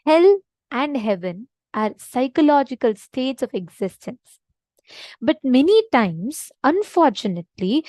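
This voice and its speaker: A woman's voice: fairly high pitch, a little mellow, no room sound, clean studio sound. A woman giving a devotional teaching session, speaking earnestly and emphatically and repeating her key points. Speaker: spiritual teacher.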